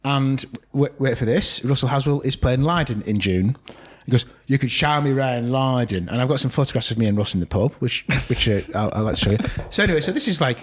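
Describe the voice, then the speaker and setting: A man's voice: mid-range voice, animated, quick pace, few pauses, husky. A man co-hosting a casual chat, telling anecdotes and acting out other people's quotes in raised voices. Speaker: podcast co-host. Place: indoor room with co-hosts.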